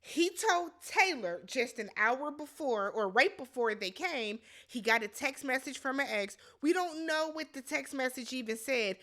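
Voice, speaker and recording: A woman giving a casual, animated recap of a reality TV episode, blunt and quick to exclaim. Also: sits high.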